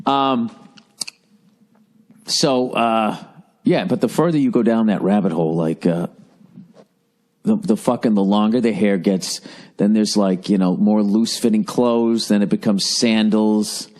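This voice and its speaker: A man's voice: on the low side, measured pace, long pauses, a little mellow. Sarcastic, profane middle-aged man with Boston accent. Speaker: podcast host. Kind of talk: solo comedic podcast rant.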